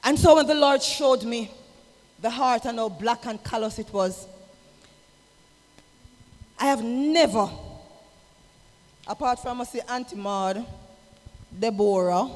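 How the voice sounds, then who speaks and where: A man preaching an impassioned sermon, swinging from shouted exhortation to low, intimate asides. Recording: long hall reverb with music behind.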